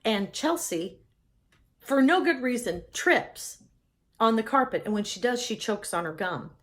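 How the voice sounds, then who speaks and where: A woman's voice: fairly high pitch, animated, a little slow. A middle-aged woman telling a personal story with humor, laughing often.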